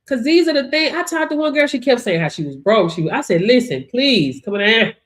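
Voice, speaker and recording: A woman's voice: sits high, big pitch swings, quick pace. A woman hosting a motivational livestream, talking to viewers in a preachy way and laughing often. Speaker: livestream host.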